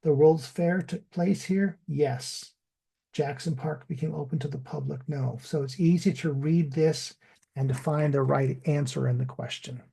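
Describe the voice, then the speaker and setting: A man teaching an online English lesson, modeling words slowly and deliberately for learners. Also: fairly high pitch, steady tone, gravelly, warm tone, husky. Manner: slow, deliberate, drawn-out model pronunciation.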